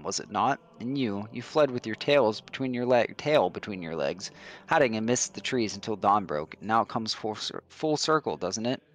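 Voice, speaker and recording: A man voicing a sly stranger who speaks in a measured, knowing way. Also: on the low side, a bit bright. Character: sly male stranger with a ring.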